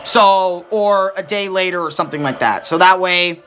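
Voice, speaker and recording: Bright-voiced young man ranting about games. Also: sits high, normal speed. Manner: rambling, profane, self-correcting. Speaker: gaming streamer. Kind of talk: casual game commentary.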